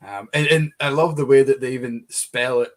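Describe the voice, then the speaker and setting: A man's voice: mid-range voice, steady tone, brisk. A man co-hosting a casual live-stream chat, trading playful jokes. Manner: jokey, playful banter.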